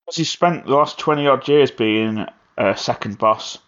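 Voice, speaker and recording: A man's voice: medium pitch, moderate pace, fairly bright tone. A man making brief, blunt, crude quips in casual chat. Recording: dull muffled mic.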